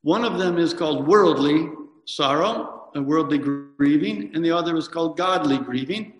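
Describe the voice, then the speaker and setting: A man preaches a reflective sermon in a slightly higher voice, pausing often and correcting himself as he goes. His words ring through a church with a long, echoing reverb. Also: music in the background. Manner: reflective, reads hymns aloud with pauses and self-corrections. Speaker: priest. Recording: echoey church hall from a distance.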